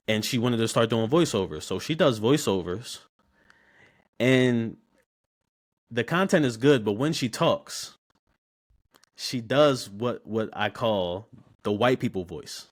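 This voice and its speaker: Animated young man. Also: lowish voice, a little slow. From Baltimore, USA. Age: 20s. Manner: animated, slangy, repeats words when starting sentences. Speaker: podcast guest, barber. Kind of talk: casual interview storytelling.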